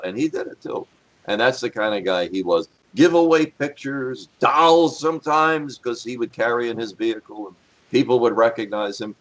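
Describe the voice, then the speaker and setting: A man's voice: medium pitch, moderate pace. A middle-aged man, a former police officer, telling blunt, profane stories as a podcast guest. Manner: animated storyteller, blunt and profane. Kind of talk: casual podcast storytelling.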